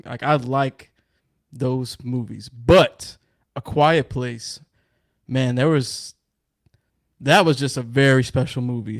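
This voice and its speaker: A man's voice: medium pitch, gravelly, no echo, clean studio sound. A man chatting casually as a podcast guest, laid-back and easygoing with slangy phrasing.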